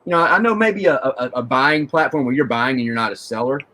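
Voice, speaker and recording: Rambling mid-pitched man hosting a chat. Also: animated, fairly quick, pushed and bright. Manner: rambling, many restarts, questioning. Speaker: host. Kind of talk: casual chat.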